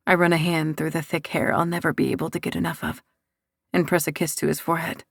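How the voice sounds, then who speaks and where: A woman narrating a first-person romance audiobook in a soft, intimate, unhurried way. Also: low-pitched, flat delivery, creaky, no echo, studio quality.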